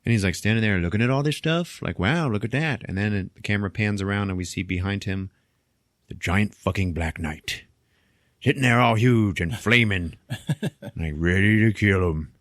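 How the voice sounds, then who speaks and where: A podcast host retells a film's plot in casual, animated chat, laughing often and swearing freely. His voice sits low. The sound is dry and close, with no room echo. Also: moderate pace. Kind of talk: casual film recap.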